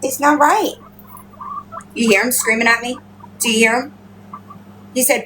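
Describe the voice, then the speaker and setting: Woman hosting a home stream, talks slow, kinda high voice, swears a lot, does baby-talk to her pets, phone mic. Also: fairly even intonation, bright, forceful tone, slight background noise, rough recording. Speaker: livestream host. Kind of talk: casual livestream chat.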